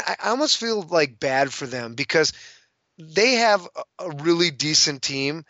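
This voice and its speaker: Bright-voiced excitable man ranting recap. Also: on the high side, no echo, highs cut off. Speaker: sports commentator. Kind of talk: casual sports recap.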